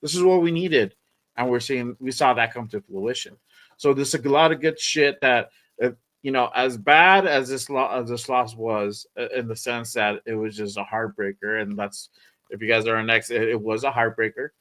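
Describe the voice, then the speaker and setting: A man hosting a sports podcast with a middle-pitched voice, rambling and loose in casual chat. He swears freely and circles back over his points. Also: fairly even intonation, moderate pace, sharp tone. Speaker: podcast host.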